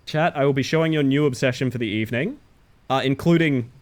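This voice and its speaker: A man streaming a game live, chatting casually with his viewers in a playful, animated way and swearing freely. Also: medium pitch, fast. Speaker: livestreamer. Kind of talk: casual chat while gaming live.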